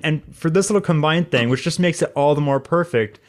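A man's voice: on the high side, a little fast. A man co-hosting a casual podcast, telling things in a loose, rambling way and laughing often. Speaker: podcast co-host. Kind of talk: casual chat.

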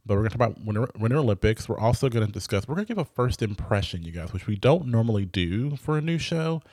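A man's voice: lowish voice, animated, fast talker, a little mellow, no echo, clean studio sound. A man co-hosting a podcast in casual chat, rambling and chatty, with the odd swear word. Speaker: podcast co-host.

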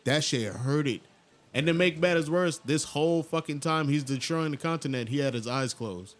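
A man hosting a casual podcast, retelling an anime scene in an animated, storytelling way. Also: normal speed. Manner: animated storyteller, jumps into loud high voices for quoted characters. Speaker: podcast host.

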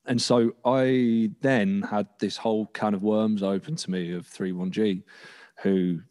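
Low, mellow-voiced man. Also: steady tone, slow. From England. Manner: rambling, swears casually, many restarts. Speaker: podcast guest musician. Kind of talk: casual chat.

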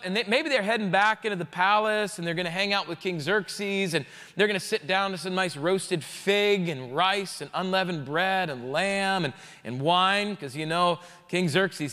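Male pastor preaching, conversational and jokey, bright high voice, long hall reverb. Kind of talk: sermon.

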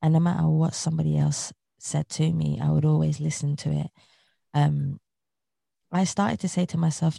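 Dark, gravelly woman giving earnest advice. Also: deep voice, fairly even intonation, moderate pace, no room sound. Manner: earnest, motivational, repeats key phrases. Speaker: interview guest. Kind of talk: reflective interview talk.

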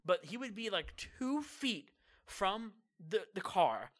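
A young man telling a long story in casual chat, breaking into loud, shouted impressions of an old teacher. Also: high voice, sing-song, takes it slowly. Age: young adult.

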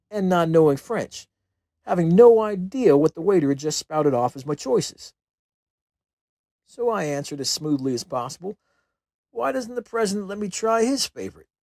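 An American man reads his own humorous memoir aloud with wry, self-mocking timing. His voice sits a bit high for a man and sounds dry and close-miked. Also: a little mellow, no echo. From United States. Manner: wry, self-deprecating storytelling. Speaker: chaplain and author. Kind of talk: humorous memoir audiobook narration.

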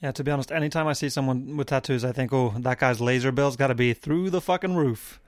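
A man co-hosting a podcast, rambling in casual banter with crude deadpan jokes. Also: medium pitch, fast, no echo, studio quality. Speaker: podcast co-host.

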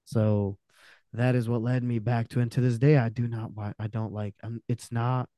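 Mellow, smooth-voiced man telling a story. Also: mid-range voice, normal speed, no room sound, studio quality. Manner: animated, profane, acts out quotes. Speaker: podcast guest. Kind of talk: casual storytelling.

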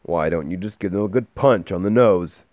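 A man voicing a gruff, grumbling old male bookseller who speaks slowly and with disapproval, recorded with a dull, dry sound. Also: low-pitched, dry recording, natural voice.

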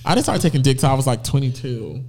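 A man in his twenties chatting candidly and sassily as a podcast guest, telling stories with animated flair. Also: mid-range voice, fast talker, slight background noise. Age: 20s. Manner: candid, sassy, animated storytelling. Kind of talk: casual chat.

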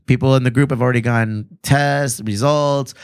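A man's voice: mid-range voice, fairly even intonation, normal speed, clean tone. A man chatting casually on a podcast, cursing freely and dropping Spanish slang. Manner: profane, laid-back, mixes in Spanish slang. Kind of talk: casual chat.

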